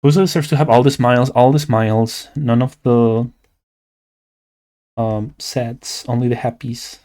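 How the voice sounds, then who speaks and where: A man's voice: mid-range voice, steady tone, measured pace, mellow. A young man from Latin America with a Latin American Spanish accent, chatting casually and playfully on a livestream while he draws, rambling with lots of "like". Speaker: streamer and artist.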